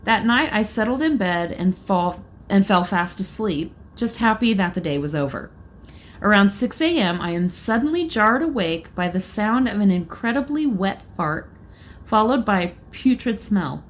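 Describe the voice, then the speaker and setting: Lively woman telling a spooky story. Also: medium pitch, normal speed. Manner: laughs often, expressive. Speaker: podcast co-host. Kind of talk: casual chat, reading listener stories.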